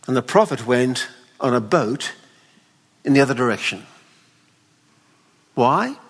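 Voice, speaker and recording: A man preaching a sermon at a weekend away, expressive and pleading, often acting out the people in the story. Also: mid-range voice, slow pace, pauses often, husky. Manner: expressive, voices the father pleading tenderly. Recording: long hall reverb.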